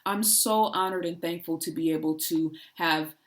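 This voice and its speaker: A woman's voice: on the low side, moderate pace. A woman giving an earnest inspirational talk, building through repeated rhetorical questions. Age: adult parent. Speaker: spiritual speaker. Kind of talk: inspirational monologue.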